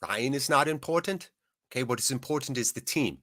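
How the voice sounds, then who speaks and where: A man doing a rough impression of a calm Danish male football manager, speaking in a measured way with a put-on Danish accent. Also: medium pitch, dry recording, clean studio sound. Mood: calm, earnest. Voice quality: measured, repeating "okay?".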